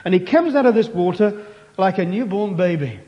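High-pitched guy preaching, acts out the back-and-forth, kinda muffled sound. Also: animated, moderate pace. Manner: storytelling, acts out questions and answers. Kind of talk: sermon.

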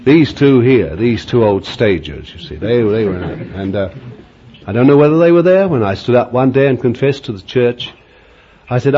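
A man's voice: mid-range voice, expressive, normal speed, mellow. Old guy preaching, chuckles a lot, repeats himself, dull muffled tape with a bit of hiss. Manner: chuckling, emphatic, repeats phrases. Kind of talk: sermon. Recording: dull lo-fi recording with faint background noise.

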